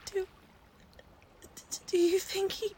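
A woman's voice: extremely high pitch, little pitch movement, slow pace, mellow, slight background noise. A woman playing a frightened young camp counselor who whispers nervously and cries out in panic. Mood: hushed scared.

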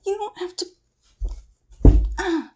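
A woman's voice: very high-pitched, fairly even intonation, slow, darkish tone. A woman playing a frightened young woman in an audio role-play drama, pleading with a possessive captor. She stammers and drops into whispers. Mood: anxious.

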